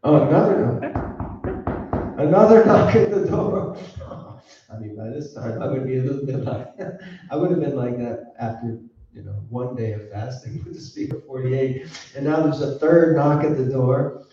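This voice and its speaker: A man's voice: mid-range voice, normal speed, mellow, dull audio. A man telling a spiritual story to a gathering, playful, laughing often and quizzing the listeners, recorded from a distant mic in an echoey room. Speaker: spiritual teacher.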